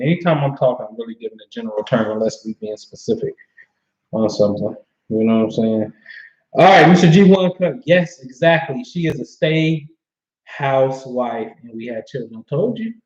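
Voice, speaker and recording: A man hosts a laid-back livestream, talking in a loose, slangy way and often checking in with "you know what I'm saying." His voice sits at an ordinary middle pitch. The sound is a bit roomy and slightly muffled, like a home setup. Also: fairly quick, a little mellow. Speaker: astrology livestream host. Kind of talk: casual livestream chat reading viewer comments.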